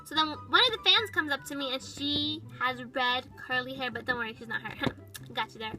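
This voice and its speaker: A woman's voice: high-pitched, moderate pace, music in the background, lightly acted, poor audio. A woman voicing a bratty, dramatic young female toy pet, telling a toy storytime with valley-girl chatter full of "like". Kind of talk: toy-figure storytime narration.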